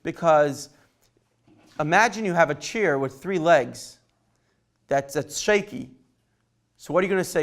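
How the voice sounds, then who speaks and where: Male rabbi, a bit higher pitched, conversational lesson style with lots of back and forth with the class. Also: a little slow, pauses often. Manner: conversational, takes questions by name, asks "right?". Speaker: rabbi teaching a Torah class. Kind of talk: informal Torah lesson.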